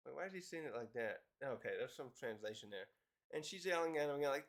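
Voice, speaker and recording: A man's voice: mid-range voice, lively intonation, quick pace. A man casually recapping a comic chapter, rambling with fillers and chuckles. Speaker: manga reviewer.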